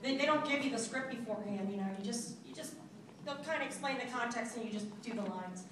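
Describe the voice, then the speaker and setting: A woman's voice: on the high side, quick pace, far from the mic, noisy background. Chatty laughing woman in an echoey hall. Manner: chatty, laughs often, self-mocking. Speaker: voice actress, panel guest. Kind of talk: casual convention Q&A. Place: large convention hall. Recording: echoey hall from afar, crowd.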